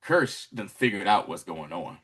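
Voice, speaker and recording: A man hosts a casual chat, recapping a TV episode. He speaks animatedly, and his pitch moves a lot as he acts out scenes. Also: expressive, unhurried, a bit bright, husky. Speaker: podcast host.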